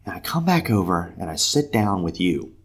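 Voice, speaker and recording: A man telling a faith story in a lively conversational way, acting out the voices of the people in it. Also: low voice, normal speed, husky. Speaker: podcast guest telling a story. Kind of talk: animated storytelling.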